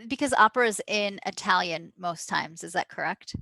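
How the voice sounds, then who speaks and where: Curious woman host, gravelly, bright, dry close sound. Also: fairly low pitch, moderate pace, dry recording, poor audio. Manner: curious, asks probing questions. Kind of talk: conversational interview.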